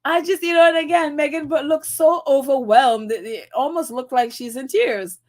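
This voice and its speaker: A woman's voice: high voice, moderate pace, a little mellow. A woman hosting a live stream, gushing and laughing as she nearly cries, reading viewer comments aloud. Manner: gushing, laughing and near tears, reads chat aloud. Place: New York.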